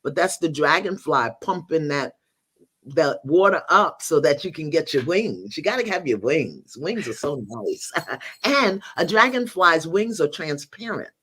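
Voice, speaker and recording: A woman's voice: sits low, sing-song, a little slow, fairly bright tone, husky. An older woman, a guest teacher in a spiritual conversation, telling stories expressively, acting out bits of dialogue and laughing often.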